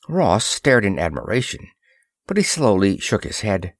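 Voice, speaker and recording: A man reading an adventure story aloud in a measured narration. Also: low voice, very animated, no room sound, studio quality.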